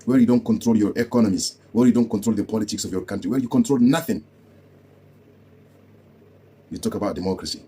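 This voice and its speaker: A deep-voiced man from Africa delivers heated political commentary. His voice is very husky and dark, and he fires off scornful rhetorical questions, repeating them for weight. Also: fast talker, pauses often.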